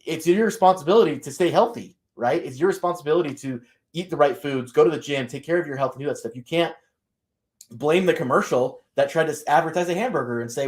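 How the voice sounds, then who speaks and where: A man's voice: fairly high pitch, fast talker. A man who makes crypto videos, speaking in a live panel discussion. He argues his point with emphatic rhetorical questions. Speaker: crypto content creator.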